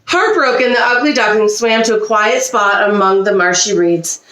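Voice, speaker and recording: A woman reading a children's storybook aloud with expressive delivery and small slips. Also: medium pitch, moderate pace, reverberant. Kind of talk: reading a picture book aloud. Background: a child nearby.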